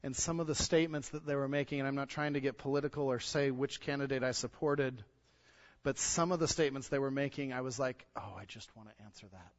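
A man pastor preaching a sermon to his church in an earnest voice that rises to loud exhortation. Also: mid-range voice, steady tone, fast talker. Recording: dull lo-fi sound.

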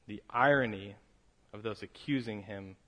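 A man preaching a sermon, moving from quiet reflection to a fervent, raised delivery. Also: on the low side, normal speed. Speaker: pastor.

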